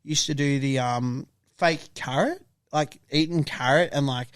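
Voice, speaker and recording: A man's voice: mid-range voice, measured pace, smooth, dry recording, clean studio sound. A young man, co-hosting a podcast, joking, swearing and acting out quotes. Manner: jokey, swears, acts out quotes. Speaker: podcast co-host. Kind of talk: casual chat.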